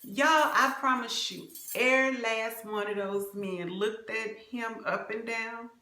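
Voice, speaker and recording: A young woman vlogger telling a comic dating story, animated and confiding, laughing along with her viewers. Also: on the high side, measured pace. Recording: roomy echo.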